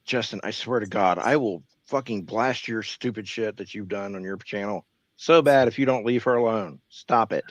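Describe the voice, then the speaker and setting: A man's voice: fairly low pitch, moderate pace, muffled recording, a little hiss or hum. A man co-hosting a livestream in casual chat, sarcastic and jokey, swearing freely. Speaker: co-host on a livestream.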